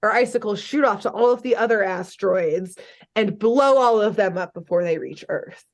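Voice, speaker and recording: A young adult woman co-hosts a podcast, casually recapping a cartoon episode in an animated, chatty way and swearing freely. Her voice is mid-range at a normal speed.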